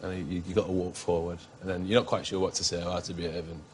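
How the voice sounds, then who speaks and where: A man's voice: deep voice, level tone, rapid-fire, a little hiss or hum. A middle-aged man, telling anecdotes as a guest in a TV interview and laughing often.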